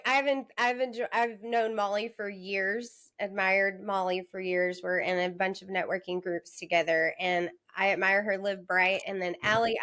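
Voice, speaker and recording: A woman from Texas, hosting a podcast and chatting enthusiastically. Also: medium pitch. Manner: enthusiastic, warm praise of guests. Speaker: podcast host, software company owner. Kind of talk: casual podcast chat.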